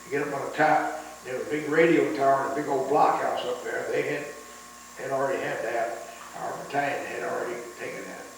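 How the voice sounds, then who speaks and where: A man's voice: medium pitch, fairly even intonation, a little fast. An older man, a veteran, telling his war stories in a rambling oral history interview, full of restarts. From United States. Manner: rambling storytelling with many restarts, chuckling at the memories. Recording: roomy, distant mic with faint hiss.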